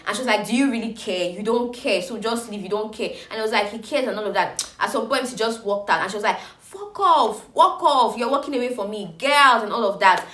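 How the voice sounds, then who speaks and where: A woman chattily recapping reality TV gossip, animated and exclaiming. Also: medium pitch, echoey room.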